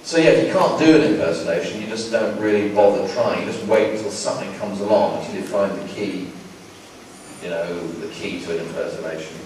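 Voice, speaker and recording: Brief: a low-voiced man from England, a wry, rambling guest actor at a convention Q&A, recorded from far back in a booming hall. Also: a little fast. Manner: rambling, full of restarts, wry and self-mocking. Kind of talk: casual convention Q&A answers. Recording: very echoey hall, distant and noisy.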